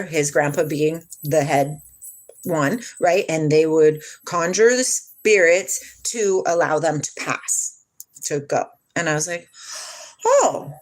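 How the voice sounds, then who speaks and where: Rambling woman telling a personal story. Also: lowish voice. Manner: rambling, emotional, swears, trails off and restarts. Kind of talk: casual storytelling to a live chat.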